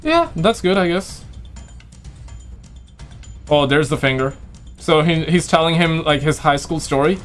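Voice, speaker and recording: Guy reacting to a video, kinda high voice, jokey offhand asides. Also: animated, measured pace, long pauses, fairly bright tone, soft background music. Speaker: reaction streamer. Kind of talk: casual reaction commentary.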